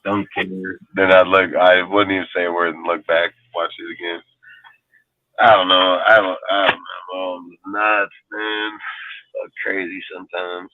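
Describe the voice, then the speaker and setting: A man's voice: low voice, flat delivery, unhurried, narrow, tinny audio, a little hiss or hum. A man co-hosting a casual talk show, rambling and cursing freely as he tells stories. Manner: rambling, cursing, storytelling with acted quotes. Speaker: podcast co-host. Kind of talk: profane casual chat.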